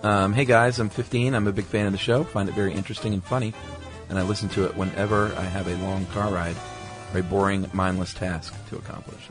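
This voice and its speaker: Podcast co-host, male, very deep and easygoing, self-deprecating reader, music behind. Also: fairly even intonation, quick pace. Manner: laid-back, self-deprecating, chuckling asides. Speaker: podcast co-host reading listener mail. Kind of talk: casual podcast chat.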